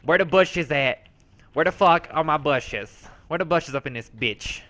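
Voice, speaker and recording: A man's voice: a little high, expressive, a little slow, pushed and bright. A man voicing a sassy, foul-mouthed rogue character, telling a brash, slangy, profane story as comedic commentary.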